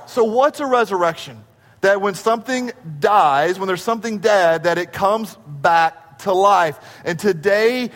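A man preaching in a large church sanctuary, his high voice ringing with a long reverb. He tells a story and acts out the dialogue, speeding up and slowing down and shifting his loudness as he goes. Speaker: pastor. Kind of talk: sermon.

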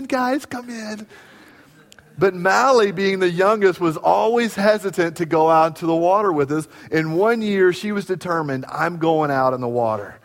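Preacher with a ringing church echo. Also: male voice, on the high side. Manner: storytelling, animated, swinging from quiet to loud. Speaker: pastor. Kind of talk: sermon. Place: church sanctuary.

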